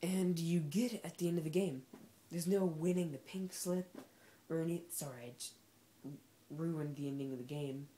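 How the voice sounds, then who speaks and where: Her voice sits low with a dark tone, at a normal speed, against slight background noise. She's a gameplay commentator making casual, sarcastic remarks during a racing game and retorting to the characters on screen.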